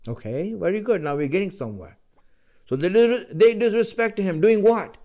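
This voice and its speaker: A man giving a religious lecture, pressing his listeners with rhetorical questions in a measured, emphatic way. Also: high-pitched, lively intonation, dark tone. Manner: rhetorical questions, role-plays the listener's replies.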